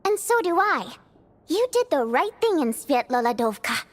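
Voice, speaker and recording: A woman's voice: high voice, big pitch swings, moderate pace. A woman voicing a playful, proud young female stage star in a video game, teasing and chatty. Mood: warm. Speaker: stage performer character.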